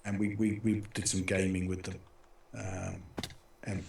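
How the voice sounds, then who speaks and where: A middle-aged man from Britain rambles through long stories, full of restarts and fillers. His voice sits a little low. He sounds set back from the mic in a very echoey room, with faint noise behind him. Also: level tone, a little slow, creaky, a little mellow, far from the mic. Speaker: talk show host. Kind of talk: casual chat.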